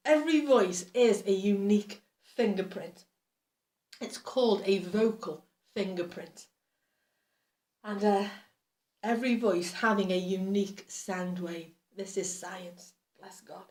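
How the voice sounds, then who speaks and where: A woman's voice: mid-range voice, measured pace. A woman pastor teaching a Bible study with enthusiasm, sometimes tripping over her words. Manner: enthusiastic, stumbles over words when excited. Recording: roomy, distant from the mic.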